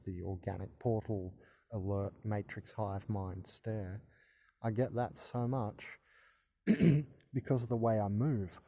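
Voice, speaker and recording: A man's voice: lowish voice, dark tone. A man in his thirties hosting his own channel, talking in a rambling, hesitant monologue with stammers and restarts. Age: 30s. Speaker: channel host. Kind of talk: casual spoken monologue to camera.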